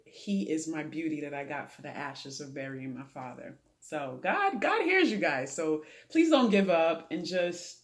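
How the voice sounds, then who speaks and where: A woman guest on a talk show who talks earnestly about faith, prayer and her late father, giving advice the way a preacher would. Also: deep voice. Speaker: interview guest. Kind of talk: heartfelt testimony in a talk show interview.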